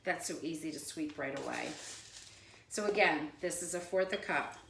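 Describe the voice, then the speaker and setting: A woman's voice: sits low, normal speed, gravelly, a bit bright. A woman hosting a home cooking video, chatting casually and wandering into side stories as she demonstrates a recipe in her kitchen. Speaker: cooking channel host. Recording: echoey room with faint noise.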